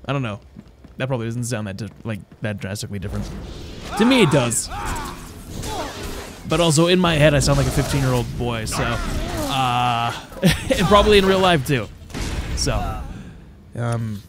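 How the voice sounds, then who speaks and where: A man's voice: medium pitch, expressive, normal speed, music in the background. A young man streaming a game, chatting casually in a playful, self-mocking way. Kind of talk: casual commentary while gaming.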